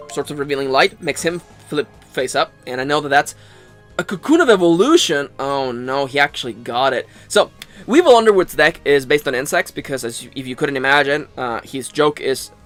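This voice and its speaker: A man's voice: a little high, a bit bright. Rambling sarcastic man gaming. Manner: rambling, sarcastic, swears, trips over words. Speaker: gaming channel host. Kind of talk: casual let's play commentary.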